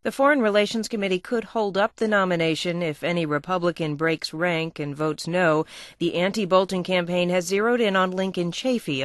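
A woman news reporter reads her story in a measured, even way. The studio sound is dry and close, with no room behind her voice. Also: on the low side, dry recording.

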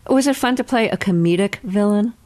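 A woman's voice: mid-range voice, a little fast, darkish tone, dry recording, clean studio sound. A woman interviewing a guest, asking friendly, curious questions.

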